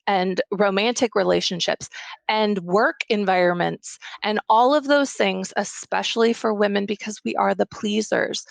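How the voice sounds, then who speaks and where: A woman speaking on a panel as a mother of three, telling candid stories in an animated way with frequent restarts. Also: on the high side, gravelly, no room sound. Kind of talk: casual panel discussion.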